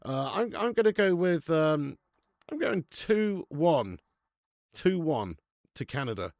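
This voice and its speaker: Gravelly guy hosting a stream. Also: on the high side, very animated, slow pace, a little mellow, dry recording, clean studio sound. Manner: chatty and laddish, reading out viewer names, laughs often. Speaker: watch-along host. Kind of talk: live stream chat and match commentary.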